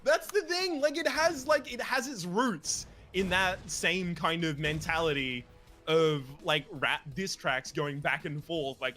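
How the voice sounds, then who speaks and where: A man's voice: high-pitched, unhurried, pushed and bright, faint music behind. A man co-hosting a let's play, chatting casually while gaming in a rambling, opinionated way and swearing freely.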